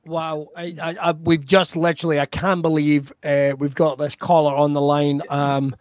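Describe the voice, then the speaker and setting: A man's voice: on the high side, level tone, normal speed, no echo. Man hosting a mock panel show. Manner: mock-incredulous, announcer-like. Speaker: improv host playing a show presenter.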